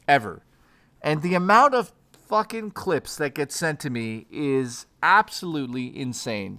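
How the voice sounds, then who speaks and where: A man's voice: medium pitch, a bit bright. Foul-mouthed streamer man riffing with chat. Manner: profane, joking, reading chat aloud. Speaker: streamer host. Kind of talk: casual livestream chat.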